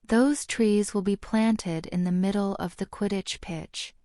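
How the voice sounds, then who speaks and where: A woman voicing a stern elderly witch who speaks in a firm, measured way. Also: mid-range voice, dark tone, dry recording, clean studio sound, lightly acted. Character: stern elderly witch, calm creature expert.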